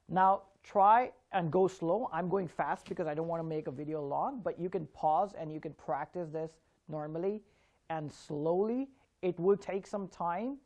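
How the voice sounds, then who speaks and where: A man giving an online spoken English lesson, drilling words slowly and clearly and encouraging his learners. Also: sits high, darkish tone.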